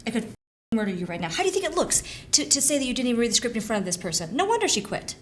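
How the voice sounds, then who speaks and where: A woman's voice: on the high side, sing-song, rapid-fire, a little hiss or hum. A woman playing a struggling filmmaker, speaking in a frustrated, emphatic way. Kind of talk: comedy film acting.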